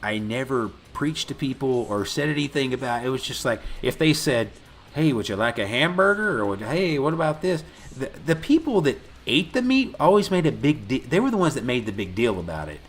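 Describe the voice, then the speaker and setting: A man's voice: mid-range voice, fairly quick, few pauses. A man co-hosting a casual podcast, retelling a movie scene by scene with lots of swearing and laughter. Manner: animated storytelling, swearing, laughing often. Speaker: podcast co-host. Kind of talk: casual chat recapping a movie.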